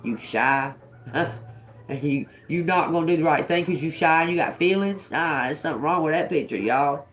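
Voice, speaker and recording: A low-pitched woman speaking at normal speed does a tarot reading on a live stream. She thinks out loud, repeats single words to herself, and is blunt and profane, frequently chuckling.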